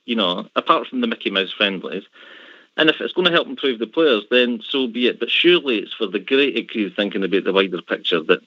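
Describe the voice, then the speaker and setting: A man's voice: fairly low pitch, lively intonation, fairly quick, no echo, muffled recording. A man co-hosting a call-in radio show, talking earnestly with many restarts and casual swearing. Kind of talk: casual chat.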